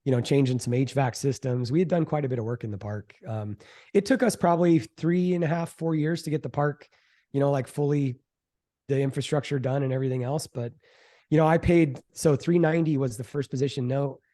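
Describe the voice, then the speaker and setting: Mellow-voiced man telling an investing story. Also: medium pitch, brisk. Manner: animated storyteller, acts out quoted voices, fillers like "um" and "like". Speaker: real estate investor guest. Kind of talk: casual storytelling interview.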